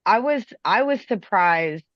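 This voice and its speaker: A woman in casual chat, telling a story with animated delivery and casual swearing. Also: medium pitch, measured pace, no echo, dull audio. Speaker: podcast co-host telling a work story.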